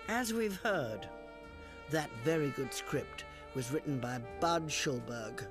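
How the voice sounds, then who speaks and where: A man narrates a documentary in a smooth, fairly high voice, with an even, scripted delivery. Music plays clearly underneath. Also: takes it slowly.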